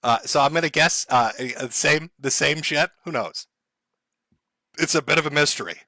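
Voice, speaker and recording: A man's voice: fairly high pitch, moderate pace, pushed and bright, no echo, clean studio sound. A man streaming live in casual chat, sarcastic and profane, laughing often as he talks to his chat.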